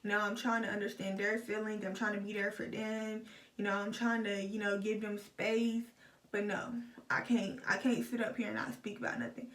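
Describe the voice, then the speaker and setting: A woman's voice: medium pitch, level tone, moderate pace, a bit bright. A young adult woman talking candidly to her phone camera in a storytime vlog, with lots of swearing and "like" fillers. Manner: raw, candid, profane, heavy filler "like". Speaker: vlogger. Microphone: old phone camera. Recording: roomy sound from a distant phone.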